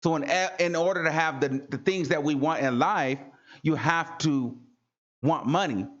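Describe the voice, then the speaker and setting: A man's voice: fairly high pitch, normal speed, a bit bright, muffled recording. A man hosting a livestream talk show, speaking in an earnest, preachy way and repeating lines for emphasis. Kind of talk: casual motivational livestream talk.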